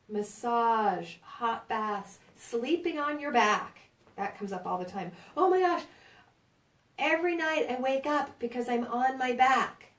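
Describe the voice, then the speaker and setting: New York woman teaching a prenatal class. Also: medium pitch. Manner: chatty, reassuring, asks "right?" often. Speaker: birth center educator. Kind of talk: informal prenatal class talk. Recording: roomy sound from a distant mic.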